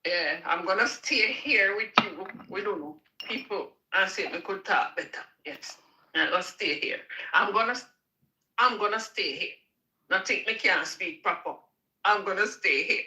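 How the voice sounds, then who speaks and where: A Jamaican woman speaking broad Patois in a lively, joking casual chat. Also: mid-range voice, normal speed, echoey room, low-quality recording.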